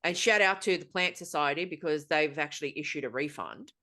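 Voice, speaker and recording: A woman's voice: deep voice, a little fast, sharp tone. A woman with an Australian accent hosting a casual podcast chat, telling a long story in an exasperated, sweary way. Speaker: podcast host.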